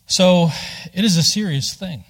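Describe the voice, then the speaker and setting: A man preaching a sermon in a conversational, digressive way, rising in pitch to stress his points. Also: a little slow. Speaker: pastor. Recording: long hall reverb.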